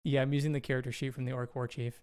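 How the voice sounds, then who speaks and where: A man acting as game master for a tabletop game narrates the action and checks rules steadily and descriptively. His medium-pitched voice is clear and resonant, though he speaks at a racing pace.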